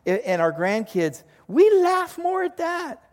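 A man's voice: very high-pitched, big pitch swings, unhurried, in a large hall. An older man preaching a sermon as a pastor, in a conversational, joking storytelling manner before a live congregation.

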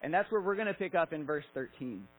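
A man's voice: fairly high pitch, lively intonation, fast talker, faint music behind, rough recording. A man in his thirties preaching a sermon, casual and conversational, acting out Bible stories with filler words. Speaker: pastor.

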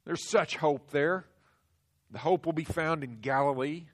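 Emphatic preacher, a man with raised pitch. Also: measured pace. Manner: emphatic, swings from hushed to loud. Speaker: pastor. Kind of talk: sermon.

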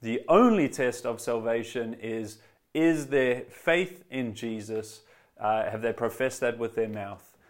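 A man's voice: mid-range voice, a little slow. Earnest, emphatic male preacher. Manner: earnest, emphatic, repeats key phrases; eager, addresses congregation directly. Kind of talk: sermon.

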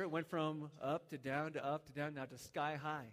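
A man's voice: fairly high pitch, flat delivery, normal speed, fairly bright tone. A man in his thirties preaching a sermon, telling a story earnestly, with many restarts. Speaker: pastor. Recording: long hall reverb.

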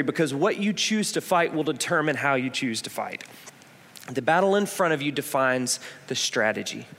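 A man's voice: a little high, fairly bright tone. A man in his thirties preaching a sermon as a pastor, telling stories in a conversational way and stressing points with repetition. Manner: conversational storytelling, emphatic repetitions. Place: church auditorium. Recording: long reverb of a church hall.

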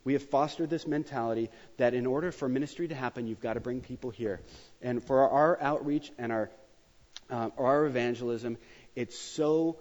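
A man in his thirties preaching a sermon in a church, joking and emphatic, his voice rising sharply when excited. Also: mid-range voice. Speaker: pastor. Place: church sanctuary. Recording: dull sound with long hall reverb.

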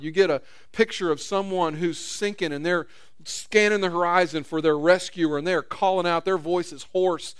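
A man's voice: high-pitched, fairly even intonation, normal speed, smooth, no echo, studio quality. A man preaching a sermon in a conversational way, acting out quotes with rising intensity. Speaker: pastor.

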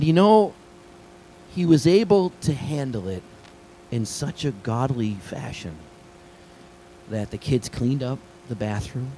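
A middle-aged man preaching a sermon, telling a story with lively swings between hushed asides and excited high points. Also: a little hiss or hum, poor audio. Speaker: pastor.

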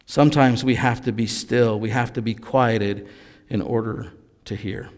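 A man's voice: mid-range voice, steady tone, measured pace, a little mellow, big-room sound. A man preaching a conversational sermon, reading scripture aloud and then explaining it with casual asides. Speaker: pastor.

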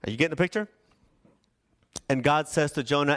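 A man from Southern California, a pastor preaching a sermon and telling a story with lively, shifting pace. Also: fairly high pitch. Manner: animated storytelling, shifts between fast and slow.

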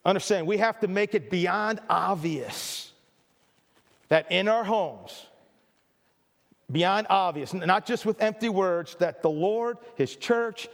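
A middle-aged man preaching with earnest emphasis, his voice sitting fairly high for a man. He often stumbles into restarts and repeats key phrases. The sound rings with the long reverb of a church hall. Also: slow, creaky. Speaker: pastor. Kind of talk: sermon.

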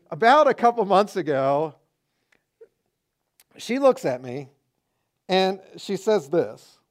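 A middle-aged man preaching a sermon as pastor, conversational and animated, acting out quoted remarks. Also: high-pitched, slow, pauses often.

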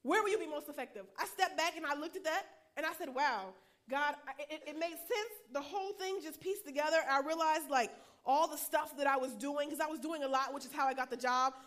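High-voiced, fast-talking woman preacher. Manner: fast-talking, animated, laughs often. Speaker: chaplain. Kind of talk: preaching a personal testimony.

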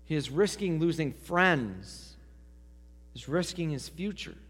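A man preaching a sermon, swinging from loud emphasis to hushed near-whispers. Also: a little high, very animated, slow, slightly rough. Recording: long hall reverb.

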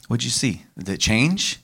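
A man preaching a sermon as pastor, leading the congregation in call-and-response and slowing down for emphasis. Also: fairly low pitch, gravelly, pushed and bright, husky. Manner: leads the congregation in call-and-response, varies his pace for emphasis.

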